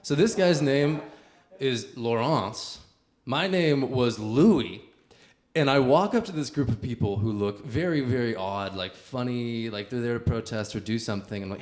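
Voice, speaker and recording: A man's voice: mid-range voice, expressive, unhurried, a little mellow. A young man, a comedian, telling a rambling story to a live audience in a casual, chatty way with lots of fillers.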